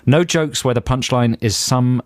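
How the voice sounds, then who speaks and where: A man's voice: mid-range voice, unhurried, a little mellow, dry recording, clean studio sound. A man co-hosting a radio show, bantering playfully and reading out listener jokes in a jokey, self-mocking way. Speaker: radio co-host. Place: radio studio.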